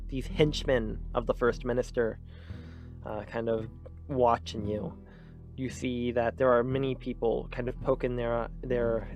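Man, game master, tabletop narration, casual fillers, faint music behind. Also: mid-range voice. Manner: loose, filler-heavy narration.

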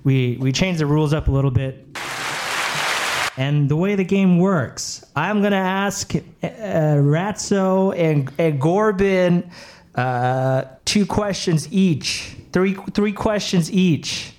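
A man's voice: high-pitched, slow, darkish tone. A man hosting a comedy game show, announcing in a rambling, stumbling way.

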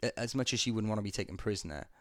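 A man's voice: lowish voice, racing, dry recording, studio quality. A young man co-hosting a podcast in a rambling, laid-back way, with lots of ums and casual swearing. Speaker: podcast co-host. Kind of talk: casual chat.

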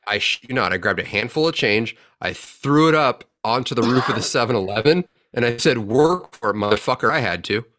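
A man's voice: medium pitch, lively intonation, brisk, few pauses, fairly bright tone. A man co-hosting a podcast, talking bluntly and heatedly with lots of swearing. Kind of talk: casual chat.

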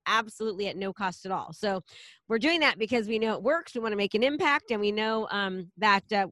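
A woman's voice: mid-range voice, pushed and bright, dry recording. A woman leading a real estate team, talking casually and enthusiastically in a promotional chat with a colleague. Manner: enthusiastic, rapid, salesy, repeats herself.

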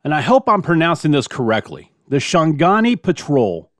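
Man, podcast host, chatty, self-deprecating, slightly high voice, dry close sound. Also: very animated, normal speed, dry recording. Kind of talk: informal history podcast narration.

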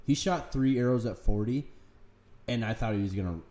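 A man's voice: mid-range voice, normal speed, dark tone. A man casually chatting, teasing his friend while telling a hunting story. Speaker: guest. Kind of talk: casual chat.

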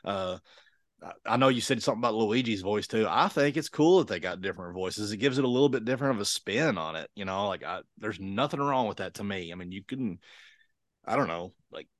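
A middle-aged man with a Southern Kentucky accent chats casually as a podcast co-host over a video call. His voice sits low and sounds close and dry, with no room around it. He tells stories in an animated way, jumping into the voices of the people he quotes. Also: brisk, no echo. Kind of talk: casual chat.

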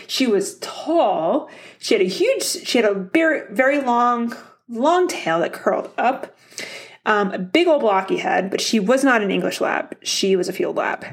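Brash, swearing woman podcaster. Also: a little high. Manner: blunt, heavy swearing, laughs easily; motivational, addresses listeners directly. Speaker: podcast host. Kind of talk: casual solo podcast monologue.

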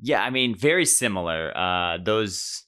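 Bright, lively young man co-hosting. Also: on the low side, unhurried. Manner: joking, rambling with many fillers. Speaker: podcast co-host. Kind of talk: casual chat.

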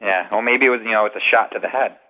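A man with a somewhat low voice calls into a show as a guest investigator. He tells long, rambling anecdotes in an easy, conversational way. The sound is narrow and phone-like, with a long reverb trailing behind it. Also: fast talker. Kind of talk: casual storytelling interview.

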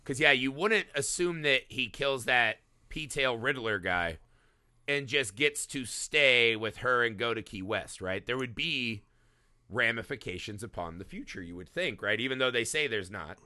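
A man with a bright, forceful voice talks through a movie in casual podcast chat. His pitch swings widely as he gets animated, tossing in "right?" constantly. The sound is dry and close. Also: measured pace, no room sound. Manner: animated, swearing, frequent "right?". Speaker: podcast host. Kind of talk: casual film discussion.

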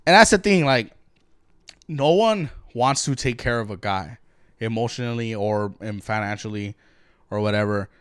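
A man's voice: lowish voice, moderate pace, smooth, no echo, clean studio sound. Blunt profane young man ranting. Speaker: podcast co-host. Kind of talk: casual podcast chat.

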